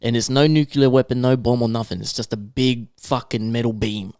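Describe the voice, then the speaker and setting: A man's voice: medium pitch, fairly even intonation, brisk, a little mellow, smooth, no echo, studio quality. A man co-hosting a casual podcast, rambling through stories with lots of fillers. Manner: rambling, filler-heavy storytelling. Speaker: podcast co-host. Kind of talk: casual chat.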